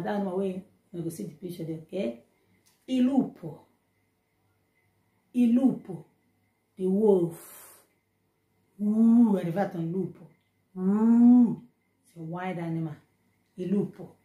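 A woman's voice: fairly low pitch, dark tone. Echoey Nigerian Pidgin woman teaching words. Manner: repeats each word slowly, then chats in Pidgin asides. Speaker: language teacher. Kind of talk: informal vocabulary lesson.

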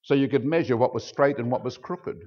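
A man preaching a sermon as pastor, explaining scripture and acting out quoted speech with big jumps in pitch. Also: a little fast, a little mellow. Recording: dull lo-fi sound.

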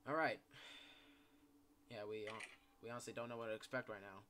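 A man's voice: on the low side, fairly even intonation, fairly quick, noisy background. A young man chatting casually while playing a game, rambling with lots of "yeah" and "like" fillers. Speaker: gameplay commentator. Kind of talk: casual gaming chat.

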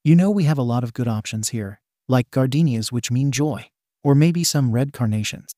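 A man's voice: mid-range voice, expressive, moderate pace, warm tone, no echo, clean studio sound, close to an everyday voice. A man voicing a shy, nervous teenage boy who stammers and rambles in a fan-fiction reading. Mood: flustered.

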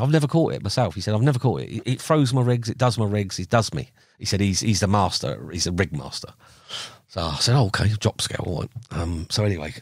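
A man's voice: lowish voice, dry recording, clean studio sound. A middle-aged man, a podcast guest, telling angling stories casually and acting out the other people in them with laughs. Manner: chatty, acts out quoted dialogue with laughs. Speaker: podcast guest, carp angler. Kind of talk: casual storytelling.

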